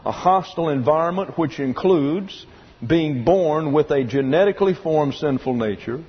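A man teaching a Bible sermon, reading quotes aloud and spelling words out slowly. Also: fairly high pitch, animated, slightly rough. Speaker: pastor. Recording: lo-fi hall recording with long reverb.

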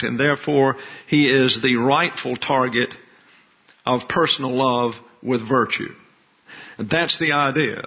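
A male preacher works slowly through his point, restating key phrases so they land. His voice sits at an ordinary middle pitch. The recording is a little dull and lo-fi. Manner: measured, methodical, repeats key phrases. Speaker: Bible teacher. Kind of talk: expository sermon.

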